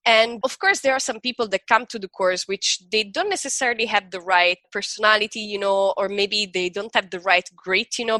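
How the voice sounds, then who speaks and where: A woman speaks as a guest in a relaxed podcast interview, her voice bright and forceful. She rambles eagerly, filling her thoughts with "you know" and "like." The sound is dry and close, with no room echo. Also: medium pitch. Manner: talkative, peppered with "you know" and "like". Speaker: podcast guest, business school founder. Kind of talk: casual interview chat.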